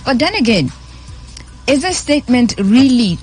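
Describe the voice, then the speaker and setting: A woman's voice: fairly high pitch, big pitch swings, normal speed, a little mellow, faint music behind. A woman with a Nigerian accent hosting a radio show, chatting and reading the news, stressing words by repeating them. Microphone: studio microphone.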